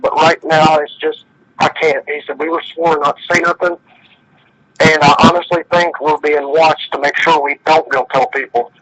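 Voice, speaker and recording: Man, casual phone-in storyteller, slightly higher voice, forceful delivery, plainspoken. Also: dull audio. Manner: plainspoken, retells dialogue with many "he said"s. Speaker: guest storyteller.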